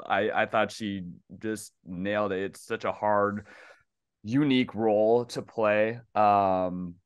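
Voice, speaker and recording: Smooth-voiced, easygoing man podcast guest. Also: lowish voice, dry recording, studio quality. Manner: easygoing, hesitant, acts out quoted reactions. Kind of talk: casual podcast chat.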